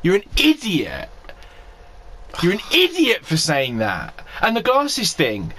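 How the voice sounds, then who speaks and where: A man's voice: high-pitched, wildly swooping pitch, slow, pushed and bright, slight background noise. A man from Scotland co-hosting a podcast, ranting in a casual comedic way, exasperated and sweary, often laughing. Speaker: podcast co-host.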